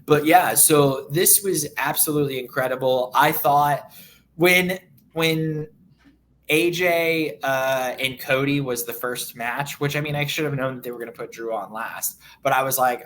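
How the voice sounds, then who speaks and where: A man's voice: mid-range voice, fairly bright tone, a little hiss or hum. Rambling man in casual podcast chat. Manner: rambling, many fillers and restarts. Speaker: podcast co-host.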